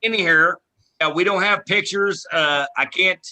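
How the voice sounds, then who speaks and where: A man's voice: high voice, unhurried, a crowd in the background. A man co-hosting a live show, teasing his co-hosts and rambling about a technical glitch. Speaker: co-host. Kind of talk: casual chat.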